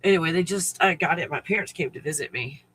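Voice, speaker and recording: A man's voice: fairly high pitch, quick pace, a bit bright, a little hiss or hum, low-quality recording. A man hosting a casual live stream, rambling through stories, laughing often, swearing freely and greeting viewers by name.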